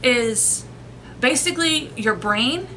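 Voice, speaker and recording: A woman's voice: fairly high pitch, lively intonation, slow pace, pushed and bright, slight background noise, poor audio. A woman explaining things to her viewers in a casual, rambling way, restarting her sentences and reaching for everyday comparisons. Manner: rambling, conversational, frequent restarts and analogies. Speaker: host explaining sleep and nightmares.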